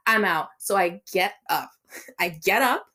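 A young adult woman co-hosting a podcast, telling a story in a lively, profane way with bursts of laughter. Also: on the low side, takes it slowly. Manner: animated storytelling with swearing and laughter. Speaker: podcast co-host. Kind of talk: casual chat.

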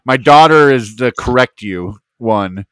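Chill guy, average pitch, easygoing podcast chat, dry close sound. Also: lively intonation, a little slow, fairly bright tone, clean tone, dry recording, rough recording. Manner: laid-back, agreeable, often asks you know what I mean.

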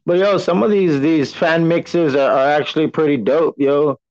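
Relaxed, cussing man hosting a podcast. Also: on the high side, moderate pace. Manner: relaxed, rambling, cusses a lot. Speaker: podcast host. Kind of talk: casual solo podcast talk. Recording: dull lo-fi sound.

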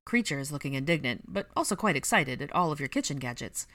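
A woman's voice: low voice, sing-song, quick pace, fairly bright tone, exaggerated voice. A woman reading the part of a wry, joking young man in a storybook reading.

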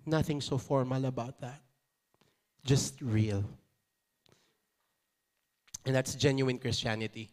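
A man's voice: mid-range voice, fairly even intonation, slow pace, long pauses, darkish tone. A man with a Filipino accent preaching a sermon in a conversational way, with playful asides. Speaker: pastor.

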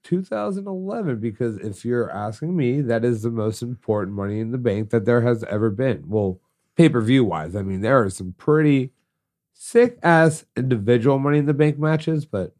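A man's voice: medium pitch, lively intonation, normal speed, darkish tone. A stuffed-up man co-hosting a podcast, chatting casually and teasing his co-host. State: congested. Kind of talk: casual chat.

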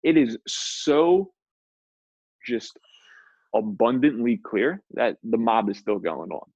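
Husky-voiced laid-back podcast guy. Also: medium pitch, very animated, takes it slowly, darkish tone, dry recording. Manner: laid-back, joking, says "dude" often. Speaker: podcast co-host. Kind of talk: casual chat. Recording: dull lo-fi podcast audio.

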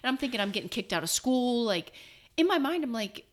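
A woman's voice: a little high, fairly quick. A woman guest in an interview, casually telling stories and acting out what people said. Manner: animated, acts out quoted voices. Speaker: guest, former national team soccer player.

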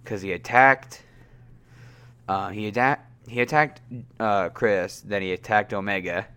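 A man with a low voice hosts a casual wrestling podcast, speaking at a slow, unhurried pace. He rambles through his recap with plenty of fillers and restarts. When he gets worked up, his voice jumps up high. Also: fairly bright tone, smooth. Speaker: podcast host.

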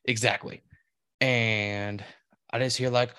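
A man's voice: mid-range voice, normal speed, a bit bright, dry recording, clean studio sound. A man co-hosting a podcast, rambling through a story in casual, profane and self-deprecating chat. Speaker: podcast co-host.

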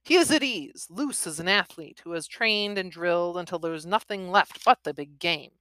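A woman reading a novel aloud and pausing to discuss its writing, thoughtful and full of fillers. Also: on the low side, expressive, fairly bright tone, no echo. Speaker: reader and writing commentator.

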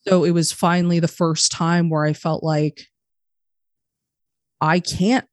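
A woman's voice: on the low side, flat delivery, slow, no echo, studio quality. A woman in her thirties, a podcast guest talking casually and bluntly, swearing often. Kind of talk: casual interview talk.

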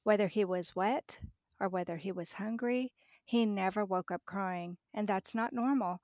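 A woman's voice: medium pitch, normal speed, a little mellow, dry recording, clean studio sound. A middle-aged woman, a podcast guest, telling a personal story vividly and acting out the dialogue.

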